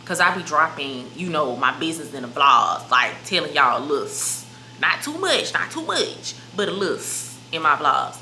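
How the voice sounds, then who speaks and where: Chatty young woman with a bright voice. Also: low-pitched, brisk, few pauses, faint music behind. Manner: chatty, emphatic, addresses viewers as "y'all" and "baby". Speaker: vlogger. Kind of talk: casual sit-down chat to camera. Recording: echoey room with faint noise.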